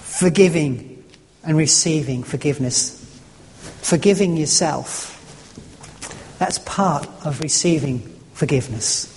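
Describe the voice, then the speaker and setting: A man preaching a sermon, telling a story in an earnest, halting way with frequent restarts. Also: on the high side, a little mellow, a little hiss or hum. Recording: echoey hall.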